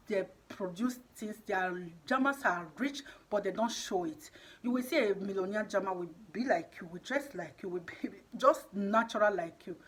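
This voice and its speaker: A woman talks straight to her audience in a casual vlog monologue, her voice husky with a breathy edge. Her English is non-native and loosely put together, and she leans on repetition to drive each point home. Her pitch sits in a middle range. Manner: emphatic, repeats herself for stress. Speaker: vlogger.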